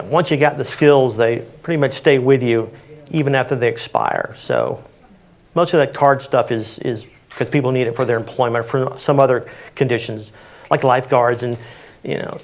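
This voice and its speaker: A man answering audience questions on CPR in a community panel, practical and plain-spoken with frequent fillers. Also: mid-range voice.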